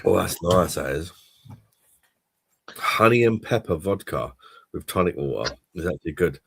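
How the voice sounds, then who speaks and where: A man's voice: low-pitched, animated, moderate pace, vocal fry, a bit bright, husky, no echo. A man hosting a casual online pub chat, rambling and swearing cheerfully about food. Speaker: livestream pub chat host. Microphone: streaming call mic.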